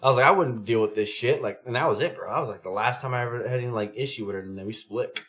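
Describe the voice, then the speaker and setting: Racing along in a mid-range voice, this man co-hosts a podcast and spins lively stories in loose chat. Profanity comes thick and fast, and he performs the quotes of the people he describes.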